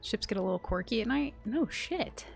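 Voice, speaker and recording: A fairly high-voiced woman streaming a game live, excitable and quick to swear as she talks to her chat. Faint game music plays behind her desk mic. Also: creaky.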